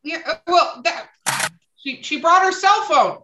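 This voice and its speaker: A woman chatting casually on a podcast with dark humor, laughing often. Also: extremely high pitch, animated, measured pace, muffled recording, very noisy. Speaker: podcast guest author. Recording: roomy echo.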